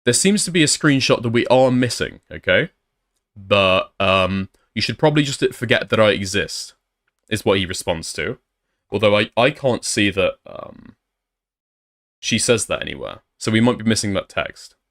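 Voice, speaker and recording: A man's voice: fairly low pitch, animated, moderate pace, fairly bright tone. Sarcastic male commentator, blunt, reads messages aloud.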